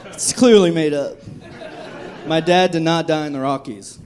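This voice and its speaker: A man from Texas performing a live stand-up set on a comedy club stage, with profane, dark, self-mocking jokes. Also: fairly high pitch, normal speed. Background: audience laughter.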